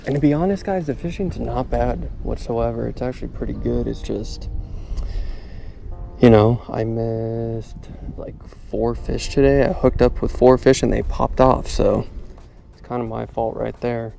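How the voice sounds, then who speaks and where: A man's voice: mid-range voice, steady tone, unhurried, vocal fry, warm tone. Chatty man filming a fishing vlog. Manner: chatty, talks straight to viewers, says y'all often. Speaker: fishing vlogger. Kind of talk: casual on-camera fishing vlog. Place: outdoors on a boat on a lake. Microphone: action camera on the boat. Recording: outdoor boat noise. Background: boat and water ambience.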